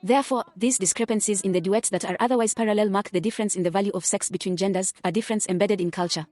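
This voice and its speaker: Fast-reading woman presenting a paper. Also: mid-range voice, no echo. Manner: steady formal reading. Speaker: student presenter.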